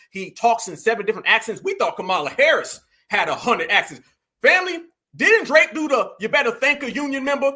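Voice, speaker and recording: A man's voice: high voice, sharp tone. A man hosting an opinionated commentary stream, emphatic and preachy, calling out to his viewers. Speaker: commentary host.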